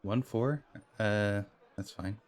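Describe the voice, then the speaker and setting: A man playing a dice game in a video game, commenting casually and reacting loudly to close calls with laughs and swearing. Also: on the low side, takes it slowly. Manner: reads in-game dialogue aloud in plain voice. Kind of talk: casual let's play commentary.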